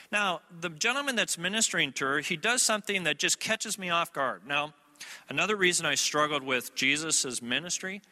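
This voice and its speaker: A man's voice: on the high side, sharp tone. A man preaching a sermon as a traveling minister, telling a story in a conversational way with asides to his listeners. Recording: long reverb of a large hall.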